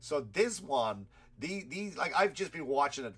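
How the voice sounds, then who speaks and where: A man's voice: on the high side, very animated, normal speed, a bit bright, breathy edge. A man hosting a comedy podcast, ranting in a rambling, profane way and laughing at his own stories while he has a cold. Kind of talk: comedic rant.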